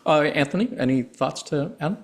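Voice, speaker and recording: A man's voice: on the high side, lively intonation, moderate pace. A man hosting a podcast discussion, talking in a thoughtful, musing way. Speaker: podcast host.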